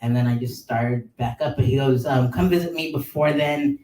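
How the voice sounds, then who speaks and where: Podcast man, thirties, rambling storyteller with a mellow tone, mic a bit far off in an echoey room. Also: medium pitch, moderate pace, a little hiss or hum. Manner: animated, filler-heavy with many likes and ums. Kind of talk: casual storytelling. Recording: roomy sound, mic at a distance.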